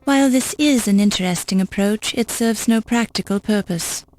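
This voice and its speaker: A woman's voice: mid-range voice, moderate pace, darkish tone, rough recording. A woman giving dry, wry scripted narration for a video game.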